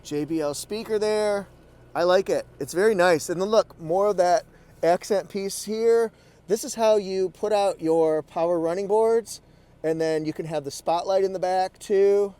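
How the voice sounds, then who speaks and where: Man, high-ish voice, playful and excitable car reviewer talking from inside a truck cab. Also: a little slow, smooth. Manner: excitable, playful, exclaims and repeats phrases. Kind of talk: casual product walkaround. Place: inside a pickup truck cabin.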